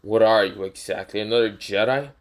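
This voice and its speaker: A man's voice: fairly low pitch, fairly quick, natural voice. A man voicing a stubborn, indignant male warrior knight who blurts out his lines in a casual fan retelling.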